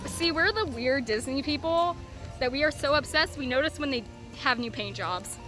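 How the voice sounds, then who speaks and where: Woman, young adult, vlogger, giddy, gushing, high-pitched, handheld camera, outdoors. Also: animated, moderate pace, over music. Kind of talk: excited theme park vlog. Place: outdoors at a theme park.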